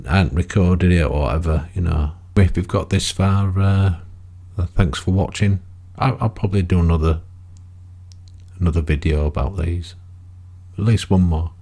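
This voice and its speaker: Deep-voiced rambling man. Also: moderate pace, creaky, warm tone. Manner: rambling, chatty, full of tag questions. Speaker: gaming video creator. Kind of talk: casual gameplay commentary.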